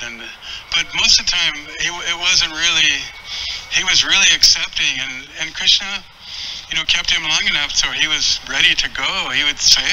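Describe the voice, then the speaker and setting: Man giving a halting, heartfelt memorial tribute. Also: on the high side, pushed and bright, slight background noise, rough recording. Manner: halting, with many restarts; earnest, heartfelt reminiscing. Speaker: friend speaking at a memorial.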